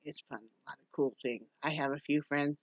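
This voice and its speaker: A woman's voice: low-pitched, steady tone, brisk, dry recording. Woman from wyoming chatting on her vlog, jokey, coos at her dog, kinda muffled lo-fi audio. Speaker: vlogger. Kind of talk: casual chat vlog. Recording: dull lo-fi sound.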